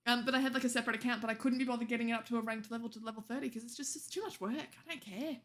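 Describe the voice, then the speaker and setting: A woman's voice: on the high side, steady tone, very fast. A young woman streamer chatting casually with viewers late at night, teasing them and laughing often.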